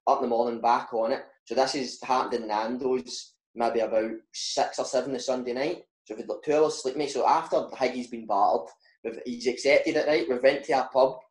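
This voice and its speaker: A Scottish man, a footballer, tells a story in a loose, animated way, laughing often and tossing in "mate" and "right". His voice sits at a middling pitch. The room has a noticeable echo. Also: a little fast. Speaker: footballer guest. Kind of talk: casual chat, storytelling.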